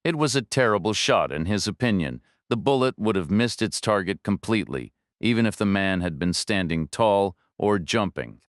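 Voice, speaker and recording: Smooth, low-voiced male audiobook narrator. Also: dry recording, studio quality. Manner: steady, measured storytelling. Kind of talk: scripted narration. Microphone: close studio mic.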